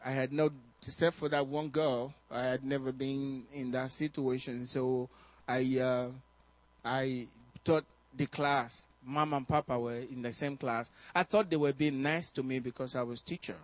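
A man telling a testimony in a sermon, animated and often laughing and shouting. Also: medium pitch, unhurried. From Nigeria. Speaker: preacher.

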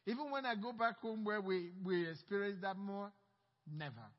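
A man's voice: high-pitched, normal speed. A male pastor preaching a sermon with impassioned delivery and personal storytelling. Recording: dull sound with long hall reverb.

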